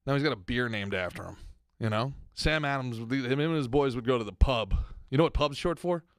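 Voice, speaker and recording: A man co-hosting a comedy podcast, ranting in a casual, animated way that swings from loud outbursts to mumbled asides. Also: medium pitch, brisk, dry recording, studio quality. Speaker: podcast co-host.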